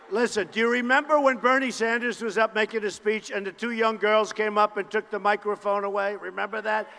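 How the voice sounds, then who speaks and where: A man with a fairly high voice delivers a campaign rally speech from a podium microphone. He is boastful and leans on short repeated phrases, now and then breaking into a shout. His voice rings through the long echo of a large hall. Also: vocal fry, a little hiss or hum. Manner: boastful, repetitive punchy phrases, bursts of shouting. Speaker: political candidate at a campaign rally. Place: large indoor rally venue.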